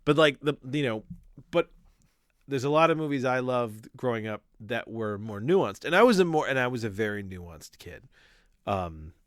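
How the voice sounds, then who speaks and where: A man's voice: medium pitch, animated, normal speed, dry recording, clean studio sound. A man in his forties co-hosting a podcast in casual chat, rambling with many restarts. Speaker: podcast co-host.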